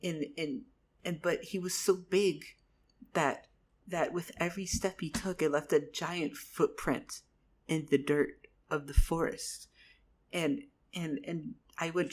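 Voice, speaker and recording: A man's voice: sits high, fairly even intonation, unhurried. A man telling a rambling improvised fantasy story, repeating his words and swearing casually. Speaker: vlogger.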